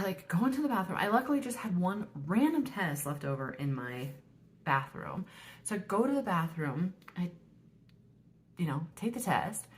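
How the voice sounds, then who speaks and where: A woman in her thirties with a slightly low voice talks straight to the camera in a relaxed vlog. She is chatty and leans on fillers, and she slips into soft whispers whenever she quotes what she was thinking. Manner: chatty, frequent "like" and "um", drops to whispers when quoting herself. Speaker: vlogger. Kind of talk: casual storytelling vlog.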